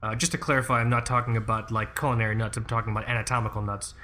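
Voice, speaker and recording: A man's voice: lowish voice, little pitch movement, racing, sharp tone. Rambling, jokey podcast host man. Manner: rambling, jokey, self-deprecating. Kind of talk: casual podcast banter.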